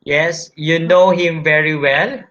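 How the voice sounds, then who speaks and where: A man hosting a casual live video call, mixing English and Tagalog with many fillers and pauses. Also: fairly high pitch, fairly even intonation, a bit bright, highs cut off. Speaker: host. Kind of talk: casual live-stream chat.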